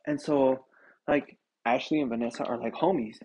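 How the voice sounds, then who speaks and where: A husky young man rants on his casual solo podcast, his pitch lively and his pace a little fast. As host, he's animated, swears, laughs often, and says "dude" a lot.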